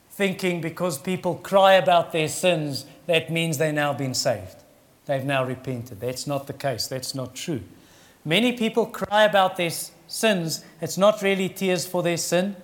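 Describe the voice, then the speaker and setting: A man's voice: on the high side, measured pace. A middle-aged man preaching a sermon in an earnest, conversational way that rises in emphasis.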